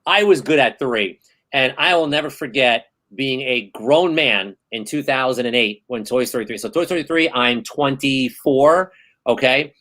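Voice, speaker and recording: Thirties guy hosting a podcast, gets all worked up telling stories, regular pitch. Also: moderate pace, poor audio. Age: 30s. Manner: animated, excitable storyteller. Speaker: host. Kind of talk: casual podcast chat.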